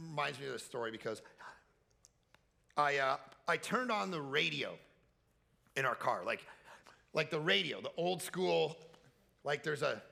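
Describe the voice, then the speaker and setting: A man preaching a lively camp sermon, telling stories and swinging from quiet asides to loud, high-pitched peaks. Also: gravelly. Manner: animated storytelling with shouted high peaks. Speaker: pastor. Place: camp meeting hall.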